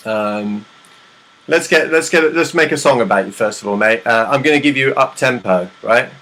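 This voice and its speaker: A man's voice: mid-range voice, moderate pace, fairly bright tone. A young man doing stand-up comedy at an online open mic, rambling and self-deprecating, with chatty asides, over a hissy video call. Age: young adult.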